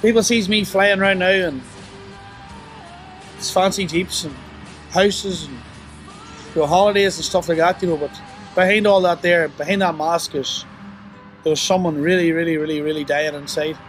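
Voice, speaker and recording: A young man telling a painful personal story in an interview, halting and remorseful, with many restarts and fillers. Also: fairly even intonation, faint music behind. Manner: halting, full of "you know" and restarts; remorseful, low and subdued.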